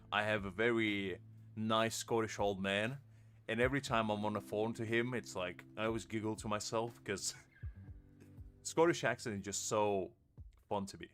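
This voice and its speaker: A young man in his twenties with a British accent rambles and jokes while streaming a game, laughing often. His voice sits on the low side. Faint music plays in the background. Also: a bit bright. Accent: British English. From Ukraine. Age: 20s. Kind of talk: casual live-stream chat.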